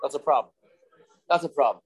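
Storytelling Talmud teacher, fairly high voice. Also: male voice, fairly quick, slightly rough, rough recording. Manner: storytelling, repeats phrases, mixes in Hebrew and Yiddish terms. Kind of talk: daily Talmud class.

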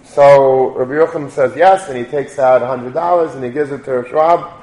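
A middle-aged man, a rabbi, telling a story to a room in an animated, informal way. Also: mid-range voice, fairly quick. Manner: animated, informal storytelling with Yiddish and Hebrew terms. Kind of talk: storytelling talk. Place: lecture room. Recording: echoey room.

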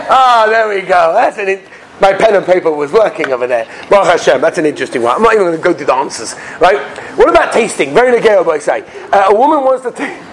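A man teaching Jewish law as a lively lecture, full of stories and rhetorical questions. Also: high-pitched, a little hiss or hum. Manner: lively storytelling, rhetorical questions, mixes Yiddish and Hebrew terms. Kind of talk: animated lecture with anecdotes.

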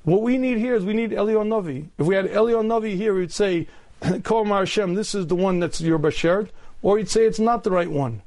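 A middle-aged rabbi lectures earnestly on faith and dating, pausing often to clear his throat. His voice sits high for a man. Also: darkish tone. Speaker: rabbi giving a talk.

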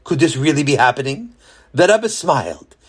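A man narrating a children's story in an expressive storyteller manner. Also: a little high, moderate pace, slightly rough.

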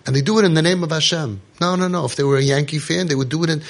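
Raspy gravelly guy, preachy, firing rhetorical questions. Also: a little high, racing. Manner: animated, preaching, rhetorical questions, Yiddish and Hebrew terms. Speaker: parenting organization speaker. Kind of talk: impassioned monologue.

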